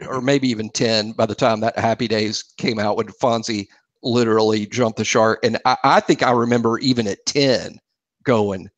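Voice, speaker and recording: A man's voice: lowish voice, steady tone, moderate pace. A man in his fifties co-hosting a talk show, teasing his co-host and riffing with made-up dialogue. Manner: teasing, riffs with mock dialogue. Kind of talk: casual chat.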